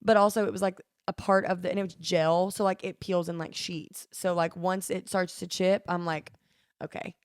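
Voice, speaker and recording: A woman's voice: on the low side, level tone, normal speed, clear, resonant tone, no room sound, studio quality. A woman from the American South with a Southern accent, chatting casually as a podcast co-host and laughing often, recorded on a phone at home. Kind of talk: casual chat.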